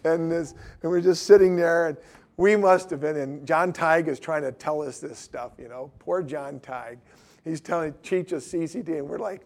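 A middle-aged man telling stories in casual talk, swinging from loud emphatic lines to low mumbled asides. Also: moderate pace, vocal fry.

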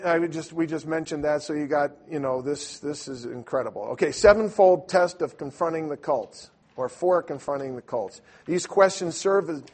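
A man teaching in a sermon style, telling a lively story and acting out voices, with loud bursts. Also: a little high. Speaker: preacher.

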